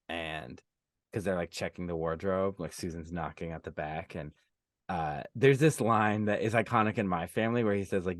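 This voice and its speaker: A man's voice: sits low, moderate pace, no echo, studio quality. A man co-hosting a podcast, retelling movie scenes in casual chat and quoting the characters' lines. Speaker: podcast co-host. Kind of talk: casual chat recapping a film.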